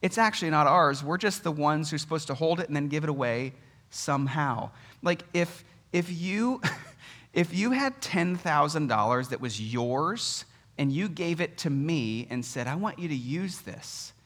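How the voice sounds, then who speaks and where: A man in his thirties, a pastor giving a sermon in an animated, conversational way, telling stories with humor. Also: a little high, unhurried.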